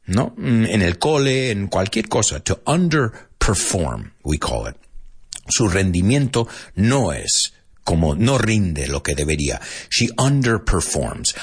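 A husky man in his thirties gives a relaxed English lesson, switching into Spanish now and then to explain words. His voice sits a little low but swings widely in pitch as he acts out the lines. The delivery is chatty and animated. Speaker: English teacher. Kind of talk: casual English lesson explaining a film scene.

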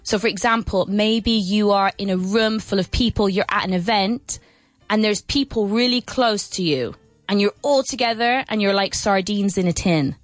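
A woman teaching English on the radio in a mid-pitched, close, dry voice. She is playful and laughs often, swinging her questions up and down in an exaggerated sing-song. Faint music sits under her. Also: normal speed, no room sound. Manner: lively, playful, with many laughs. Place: radio studio.

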